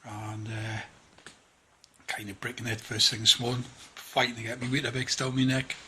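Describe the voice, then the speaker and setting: A man's voice: mid-range voice, little pitch movement, normal speed, bright, forceful tone, a little hiss or hum. A man, rambling through a casual spoken diary and sounding tired. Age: 40s. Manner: rambling, chatty, quotes others in conversation. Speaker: vlogger.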